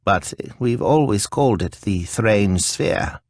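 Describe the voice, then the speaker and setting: A man reading an audiobook, voicing a kindly, stooped old male priest who talks in a slurred, creaky, gentle way. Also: lowish voice, expressive, takes it slowly, dry recording, clean studio sound, full character voice. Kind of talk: audiobook character voice.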